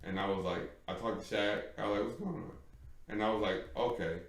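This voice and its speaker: A man's voice: fairly low pitch, fairly quick. A man co-hosting a live stream, telling a long story in casual chat and acting out the voices of the people in it. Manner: animated storyteller acting out quoted dialogue. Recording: echoey room.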